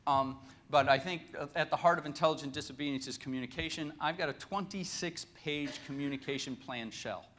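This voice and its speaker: A man giving a lively storytelling talk at a conference, folksy and joking. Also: fairly high pitch, a little fast, slight background noise. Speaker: conference speaker.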